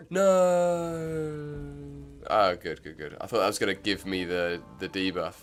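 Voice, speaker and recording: A man's voice: low voice, steady tone, fairly quick, fairly bright tone, soft background music. A man streaming a game, chatting casually and rambling with lots of filler words. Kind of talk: casual gameplay commentary.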